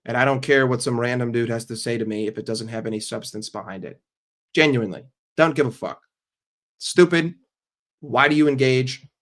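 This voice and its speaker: A man hosting a live stream who answers his chat casually, speaking bluntly, swearing often and joking. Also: medium pitch. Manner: blunt and profane, answers chat with quick jokes. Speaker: livestream host.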